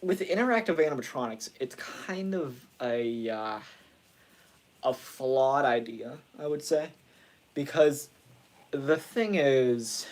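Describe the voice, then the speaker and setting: A man's voice: mid-range voice, lively intonation, slow. A man chatting casually as host, rambling and restarting his sentences often. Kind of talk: casual chat.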